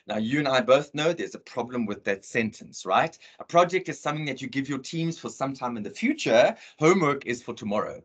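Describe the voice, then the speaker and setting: A middle-aged South African man with an earnest, animated manner, telling a personal story in a talk over a video call. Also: medium pitch, a little fast, hardly any pauses, husky. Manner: earnest, animated storyteller who acts out dialogue. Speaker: motivational speaker.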